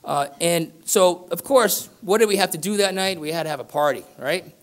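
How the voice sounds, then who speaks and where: A man's voice: high-pitched, normal speed. A middle-aged man telling a rambling, self-deprecating story to a live audience, peppering it with "right?" and "you know". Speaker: business speaker. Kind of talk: storytelling keynote speech. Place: conference room with live audience.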